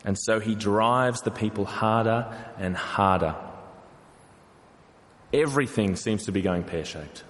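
A man's voice: on the low side, a little slow, long pauses. Man preaching in a reverberant hall. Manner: earnest, preaching with rhetorical questions and acted quotes. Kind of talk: sermon.

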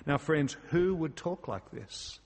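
Husky-voiced preacher in a reverberant hall. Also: male voice, a little high, lively intonation, slow pace, a little mellow. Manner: earnest, emphatic preaching with rhetorical questions. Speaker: pastor. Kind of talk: sermon. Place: church.

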